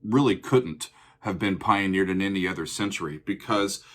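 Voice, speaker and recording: A man's voice: low-pitched, normal speed, fairly bright tone. A man, hosting a casual music reaction video, chatty and joking, often laughing.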